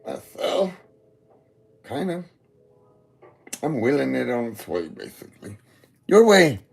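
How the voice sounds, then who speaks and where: Slow, sing-song stoned man rambling. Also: mid-range voice, sing-song, vocal fry, slightly rough. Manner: goofy, meandering, talks to God. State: high on weed. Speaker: vlogger. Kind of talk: rambling stream-of-consciousness monologue.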